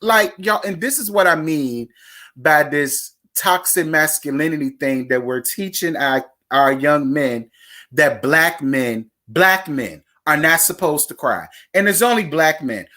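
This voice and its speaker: A host recapping reality TV episodes in casual commentary, blunt and profane, talking straight to the viewers with sudden jumps in pitch and speed. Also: lively intonation, a little slow, sharp tone. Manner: blunt, profane and opinionated, addressing viewers directly.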